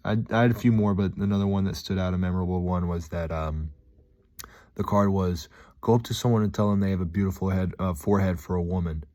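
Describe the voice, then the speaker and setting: A man with a low, deep voice rambles through a casual vlog, upbeat and reflective. He drifts between thoughts with frequent pauses. He is talking from a gym. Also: warm tone. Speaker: vlogger.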